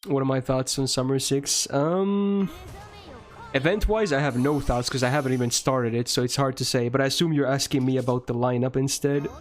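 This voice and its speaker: A man's voice: mid-range voice, fairly even intonation, moderate pace. A young man streaming a game and chatting casually with his viewers, answering their questions in a rambling way and swearing freely.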